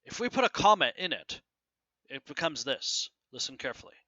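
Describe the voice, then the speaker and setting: Very bright-voiced man teaching grammar. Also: a little high, sing-song, dry recording, dull audio. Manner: keeps asking "right?" to check understanding; reads example sentences aloud with marked pauses. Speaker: English teacher. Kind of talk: grammar lesson to camera.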